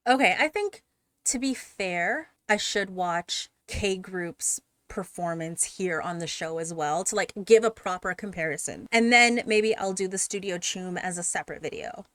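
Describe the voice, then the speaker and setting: A woman hosting a reaction channel, chatting casually and getting excited, sometimes shouting and laughing. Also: on the low side, moderate pace, no room sound. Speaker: K-pop reaction channel host.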